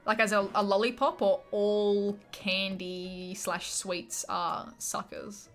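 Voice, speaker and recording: A woman's voice: mid-range voice, flat delivery, a bit bright, soft background music. Bubbly Australian woman streamer chatting. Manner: chatty, bubbly, quick asides to chat. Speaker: gaming streamer. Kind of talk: casual chat with live chat while playing.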